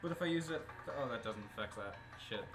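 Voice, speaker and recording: A man's voice: mid-range voice, expressive, quick pace, music in the background. A man playing a tabletop game, joking, swearing and correcting himself as he works out his damage. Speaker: player. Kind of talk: casual tabletop game chat. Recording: echoey room, distant mic.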